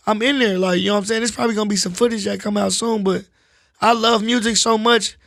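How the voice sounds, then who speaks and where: A man talking casually in an interview, relaxed and slangy, often saying "you know what I'm saying.". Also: high-pitched, fast talker, vocal fry, no echo, studio quality. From Los Angeles, US. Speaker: rapper guest. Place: studio.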